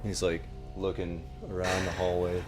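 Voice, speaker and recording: A man describing his character's actions at a tabletop game in a casual, unhurried way. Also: deep voice, completely flat delivery, faint music behind. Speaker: player.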